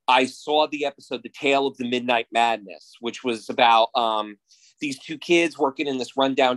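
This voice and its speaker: A man in his thirties from New Jersey, a podcast guest telling stories in a casual, excitable and profane way. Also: medium pitch, poor audio. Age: 30s. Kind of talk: casual chat.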